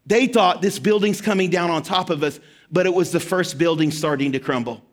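A man pastor telling a story in a sermon, dropping to a hushed tone for emphasis. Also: on the high side, brisk.

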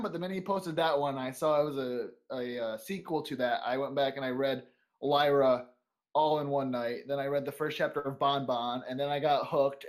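A man speaking as a podcast guest in a blunt, offhand way, swearing freely. His voice sits a bit above the usual male pitch. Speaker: interview guest, story writer. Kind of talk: casual podcast interview.

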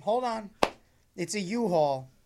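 A man's voice: high voice, expressive, slow pace, noisy background. A man telling a funny story in casual conversation, acting out both sides of the exchange and laughing often as he talks.

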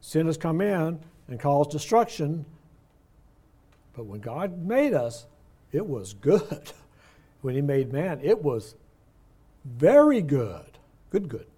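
An older man leading a Bible study, his voice on the high side for a man but mellow and soft-edged. He talks conversationally, slowing down to lean on the words he wants to stress. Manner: conversational, explains words slowly with emphasis.

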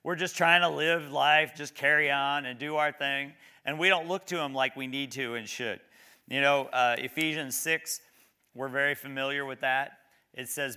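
A man preaching a sermon, reading scripture slowly and emphatically, then talking conversationally and asking the congregation questions. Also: medium pitch, bright, forceful tone, clean tone. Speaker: pastor.

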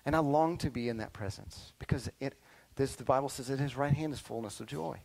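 A middle-aged male pastor preaching a sermon to young listeners, animated and checking in often with "right?" and "okay?". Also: mid-range voice, brisk, vocal fry, rough recording. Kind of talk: sermon to children and youth.

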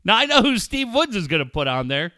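A man's voice: high-pitched, sing-song, a little fast, pushed and bright, no echo, clean studio sound. A middle-aged male co-host in rowdy, profane comedic radio banter, laughing often. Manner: rowdy, cursing, laughs a lot.

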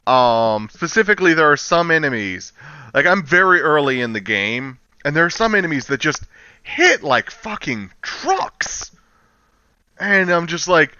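A man co-hosting a casual gaming chat, enthusiastic and animated, swearing casually. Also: fairly high pitch, unhurried, pauses often, clean tone, dry recording. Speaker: podcast co-host. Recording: dull lo-fi mic.

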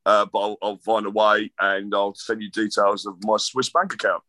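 A man's voice: fairly low pitch, steady tone, normal speed, sharp tone, dry recording. A middle-aged man, a guest author rambling through casual chat with self-deprecating jokes.

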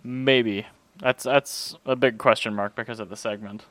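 A man co-hosting a casual car podcast, dry and teasing, firing off quick quips. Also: mid-range voice, fairly even intonation, fairly bright tone, dry recording. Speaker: podcast co-host.

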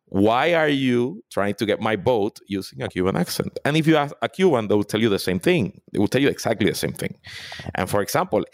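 Guy talking politics on a podcast, lowish voice, dry close mic, pushes his points hard. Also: dry recording. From Puerto Rico. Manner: emphatic, animated, repeats for stress. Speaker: political consultant guest. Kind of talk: podcast interview.

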